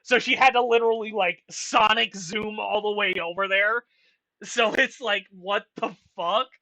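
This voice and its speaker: A young man giving casual, rambling commentary as a channel host, excitable and swearing often. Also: high voice, normal speed. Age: young adult. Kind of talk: casual commentary ranking a franchise.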